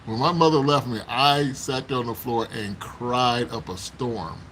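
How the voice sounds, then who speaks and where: A man's voice: mid-range voice, unhurried, a bit bright, slight background noise, low-quality recording. A man live-streaming from home on his phone, chatting with viewers and telling childhood stories, laughing often. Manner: laughs often while reminiscing. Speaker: livestream host chatting with viewers. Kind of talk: casual live-stream chat and storytelling.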